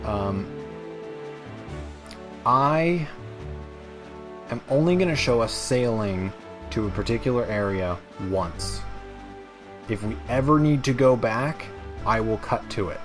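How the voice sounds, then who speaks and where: A man's voice: mid-range voice, lively intonation, slow pace, pauses often, soft background music. A young man hosting a let's play, chatting in a rambling, self-mocking way with many fillers. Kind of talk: gameplay commentary.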